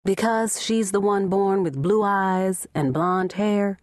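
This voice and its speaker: A woman narrator voicing a tired, guarded young mother for an audiobook, speaking softly. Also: mid-range voice, takes it slowly, dry recording, clean studio sound, voice pushed up, natural voice. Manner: weary and soft. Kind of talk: audiobook character voice.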